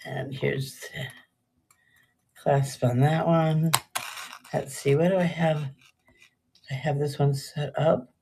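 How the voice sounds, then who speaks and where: A woman's voice: deep voice, steady tone, slow, long pauses, warm tone, slight background noise. An older woman chatting casually and rambling through a live jewelry sale, often trailing off mid-sentence. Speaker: live-stream jewelry seller.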